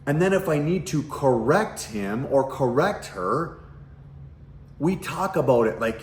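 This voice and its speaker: A man's voice: medium pitch, lively intonation, a little slow, a little mellow, reverberant, slight background noise. A middle-aged man, a parenting coach, talking bluntly to camera at home with lots of swearing and rhetorical questions. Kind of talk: casual direct-to-camera talk. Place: at home, kitchen nearby.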